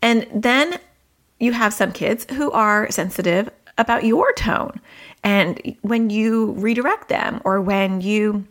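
A woman in her thirties talks parents through their children's feelings in a conversational podcast style. Her pitch sits mid-range for a woman, and she bounces up in pitch whenever she voices a child's complaints. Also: slow pace. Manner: conversational, acts out quoted dialogue with lively pitch jumps. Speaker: parenting coach. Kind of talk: advice podcast talk.

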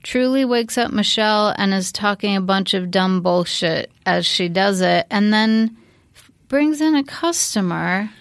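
A woman's voice: medium pitch, lively intonation, measured pace, gravelly, dry recording. Woman on a podcast chiming in, wry, very dry close sound. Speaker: podcast co-host. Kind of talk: casual TV episode recap.

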